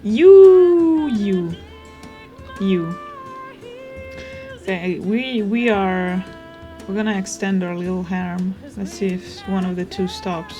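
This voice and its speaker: A young woman gives casual let's-play commentary, rambling and thinking aloud as she goes. Her voice sits at a middling pitch, and faint game music plays underneath. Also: little pitch movement, a little slow, darkish tone. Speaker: gaming streamer.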